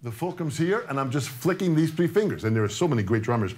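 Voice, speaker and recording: A man's voice: fairly high pitch, big pitch swings, fast, darkish tone, soft background music. A man in his sixties teaching a live-streamed drum lesson, coaxing and joking as he repeats his instructions. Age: 60s.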